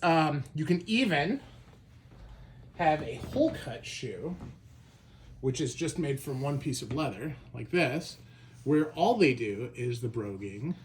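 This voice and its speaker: A man's voice: medium pitch, slight background noise. A man hosting a casual show-and-tell vlog, talking in a loose conversational way with frequent fillers and restarts. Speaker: shoe collector and channel host.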